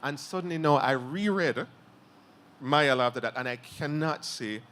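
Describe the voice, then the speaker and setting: In a medium-pitched, fairly bright voice at normal speed, a man with a Jamaican accent interviews a writer at a literary event. The conversation is thoughtful, with easy laughter and long, carefully framed questions.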